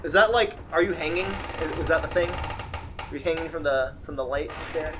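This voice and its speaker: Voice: medium pitch, animated, normal speed, music in the background. A let's play host giving casual, joking gaming commentary, chatting with viewers and teasing the game's characters.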